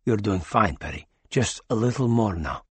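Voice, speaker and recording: A man voicing a courtly, composed alien male doctor who speaks softly to patients and formally to intruders. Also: mid-range voice, expressive, a little slow, breathy edge, no echo. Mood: soothing. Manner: soft and soothing to patients, sharp when ordering.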